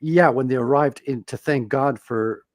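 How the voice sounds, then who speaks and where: A man's voice: mid-range voice, normal speed, no room sound, studio quality. A French Canadian man telling stories in a casual podcast chat, earnest and explanatory. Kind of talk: casual storytelling.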